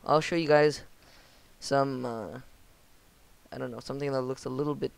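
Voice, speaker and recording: A young man speaking in a monotone as he talks through a game building tutorial on his channel. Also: medium pitch, normal speed, gravelly, smooth. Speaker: channel host.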